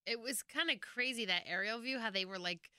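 Female podcast co-host, clear bright voice, chatty, dry sound. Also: fairly high pitch, a little fast, no echo. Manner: chatty, frequent "like" fillers. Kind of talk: casual chat.

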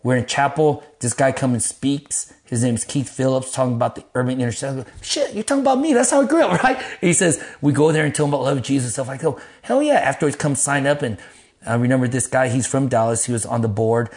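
A man telling stories as an interview guest, animated and profane, acting out the voices of the people he quotes. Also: mid-range voice, fast. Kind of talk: casual storytelling in an interview.

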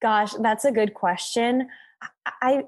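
A woman's voice: on the high side, steady tone, unhurried. A young woman tells stories as a podcast guest. She talks in a bubbly, goofy way and laughs often. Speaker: podcast guest, app founder. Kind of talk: casual interview storytelling.

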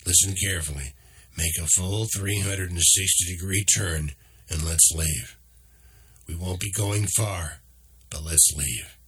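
A man voicing a small male creature who guides a lost companion, speaking calmly and patiently. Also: low voice, unhurried, husky, full character voice. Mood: instructive. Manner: calm, patient, instructive.

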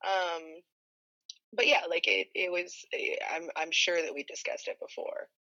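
A woman's voice: lowish voice, steady tone, measured pace, creaky, sharp tone, highs cut off. A woman guest in a casual chat, talking hesitantly with many fillers and frequent laughs. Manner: hesitant, rambling, laughs often.

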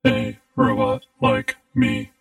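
A man voicing a booming talking robot that speaks slowly and without intonation. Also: gravelly, faint music behind. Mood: flat. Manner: flat and unaccented, slow.

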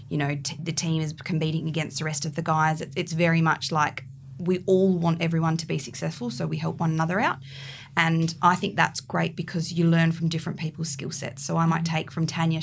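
A woman's voice: sits low, vocal fry, slight background noise. A young woman, a real estate agent, speaking chattily and thoughtfully in a podcast interview.

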